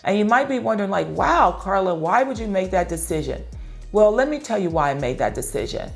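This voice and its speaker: A woman's voice: medium pitch, lively intonation, fairly quick, gravelly, soft background music. A middle-aged woman hosting her channel, talking earnestly and directly to parents and telling personal stories as advice. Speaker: channel host. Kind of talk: personal advice talk to camera.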